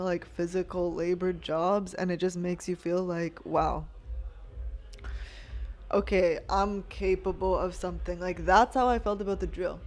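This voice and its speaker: A woman's voice: on the low side, a little mellow. A woman hosting her own podcast, talking in a rambling, chatty way and often restarting her sentences while munching snacks near the mic. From Canada. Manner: rambling, chatty, self-interrupting. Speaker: podcast host. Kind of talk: casual solo podcast monologue.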